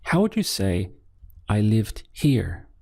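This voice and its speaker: Slow, gravelly male Spanish teacher. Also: lowish voice, very animated, mellow. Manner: slow, patient, pauses for learner answers. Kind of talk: scripted language lesson.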